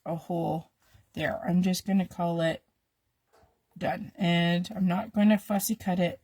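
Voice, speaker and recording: A woman's voice: on the low side, fairly even intonation, unhurried, mellow, breathy edge, no echo, studio quality. A woman who is losing her voice, chatting to viewers while she demonstrates a craft on a live stream. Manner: talks to viewers while she works, with little asides.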